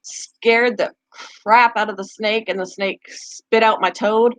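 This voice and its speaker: A woman's voice: medium pitch, steady tone, slow pace, no echo. A woman hosting a pet channel in a rambling, casual live chat. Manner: chatty, rambling, talks to her pets in between.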